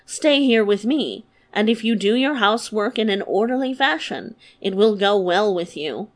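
A woman reading aloud as a gentle old fairy-tale woman who speaks in a slow, kindly, reassuring way. The delivery is unhurried and calm, close to a storyteller's own voice. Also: medium pitch, natural voice.

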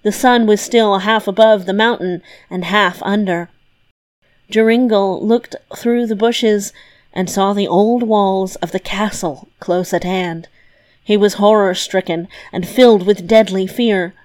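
A woman narrating a fairy tale as a storyteller in a measured, deliberate reading. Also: mid-range voice, fairly even intonation, a little mellow.

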